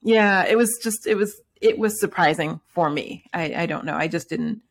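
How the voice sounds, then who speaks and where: A woman's voice: lowish voice, normal speed, gravelly. A woman from New York City hosting an interview, talking in a rambling casual way with many restarts. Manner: rambling, many restarts and fillers, laughs often. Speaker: podcast host.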